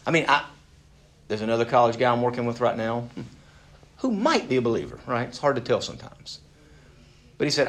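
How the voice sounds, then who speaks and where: Guy leading a bible study, chatty, keeps asking the group stuff, medium pitch. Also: lively intonation, brisk, long pauses, fairly bright tone. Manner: casual, asks the group questions, repeats words when restarting. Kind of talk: conversational Bible teaching with group discussion.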